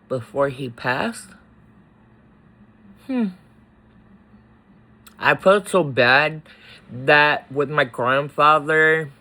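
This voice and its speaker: Slow, halting man, choked up. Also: a little high, pushed and bright, rough recording. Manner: slow, halting, with many pauses and fillers. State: tearful, choked up. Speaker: faith vlogger. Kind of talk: personal emotional vlog.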